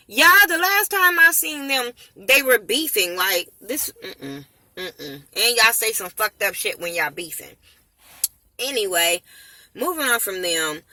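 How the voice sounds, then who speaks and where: Woman reviewer, casual profane rant, sharp bright tone, dry close sound. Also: on the high side, dry recording, rough recording. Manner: blunt, profane, animated. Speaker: TV show reviewer. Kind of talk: casual ranting commentary.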